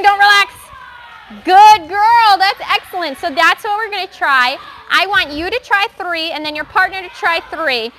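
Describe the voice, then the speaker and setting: A young woman coaching young gymnasts through a live bar practice, giving brisk, encouraging instructions. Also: high voice, bright, forceful tone, a little hiss or hum. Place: gymnastics gym.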